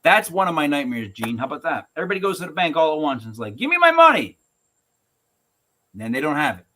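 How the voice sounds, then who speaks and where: A male podcast host in full rant mode, his voice swinging high and low as he plays both sides of every story. The tone is bright and keen, fairly high for a man, and he never sits still in one register. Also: racing. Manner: animated, ranting, acts out quotes in shifting voices.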